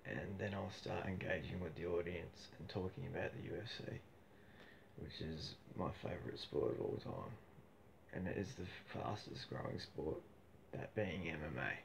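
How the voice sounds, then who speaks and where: A man livestreaming from his phone, chatting casually and bluntly, cheeky and quick to get loud and heated. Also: low-pitched, gravelly, noisy background. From Australia.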